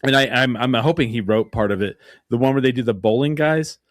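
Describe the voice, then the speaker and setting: A man from Eastern New Mexico rambles through stories as a podcast host, cursing freely and easily. His voice sits in an ordinary middle pitch. The recording is dry and close. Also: brisk, dry recording. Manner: rambling storyteller, swears freely, slips into a twangy West Texas voice for quotes. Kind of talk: casual chat.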